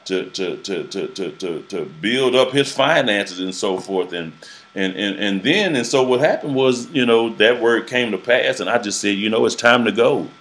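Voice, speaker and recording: A man who preaches, telling his own story in a halting, earnest way, repeating words as he searches for them. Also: lowish voice, lively intonation, a bit bright. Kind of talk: personal testimony in a casual interview.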